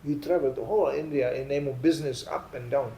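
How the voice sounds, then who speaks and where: A man gives an animated storytelling sermon, acting out quotes in a raised voice. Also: mid-range voice, quick pace, creaky, slight background noise. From Sweden. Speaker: spiritual lecturer. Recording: echoey room.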